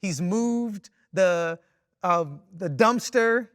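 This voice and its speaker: Bright, high-voiced man preaching. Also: drawn-out words, no room sound, studio quality. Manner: animated, with frequent restarts and repeated words; swings from loud exclaiming to quiet reflection. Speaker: pastor. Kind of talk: storytelling sermon.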